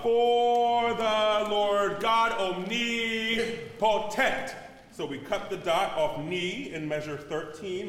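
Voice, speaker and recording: A man's voice: fairly high pitch, a little hiss or hum. A man leading a choir rehearsal, giving directive corrections to the singers. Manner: directive, gives quick corrections. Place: large rehearsal hall. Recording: echoey hall from far off, loud choir and piano.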